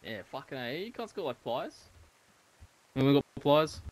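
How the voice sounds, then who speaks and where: A man talking in rushed, mumbled bursts during a gaming roleplay. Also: mid-range voice, big pitch swings, over a noisy crowd.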